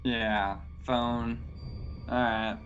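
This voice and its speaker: A man talks slowly and easygoingly on a phone while joining a tabletop game. His voice is dull and lo-fi, with music clearly behind him. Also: medium pitch, flat delivery, a bit bright. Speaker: player. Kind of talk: casual chat.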